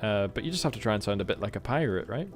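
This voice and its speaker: A man's voice: fairly low pitch, expressive, very fast, soft background music. Chatty British man streaming a game. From Britain. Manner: rambling, jokey, hums and scats to himself while playing. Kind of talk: casual live-stream chat with viewers.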